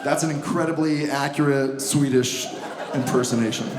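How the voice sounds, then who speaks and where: A man's voice: medium pitch, fairly even intonation, normal speed. A male stand-up comedian from the United States, ranting sarcastically and in exasperation on a comedy club stage. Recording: echoey club with crowd laughter.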